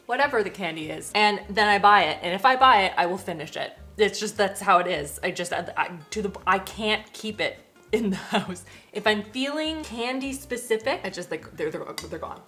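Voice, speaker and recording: A woman filming a casual cooking vlog, chatty and excitable, talking straight to the camera. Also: medium pitch, moderate pace, faint music behind. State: out of breath. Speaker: cooking vlogger.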